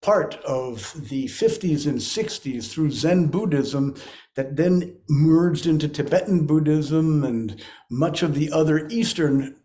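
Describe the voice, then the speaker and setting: A man hosting a spiritual conversation, speaking in a slow, solemn, measured way. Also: a little high, mellow. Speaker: host.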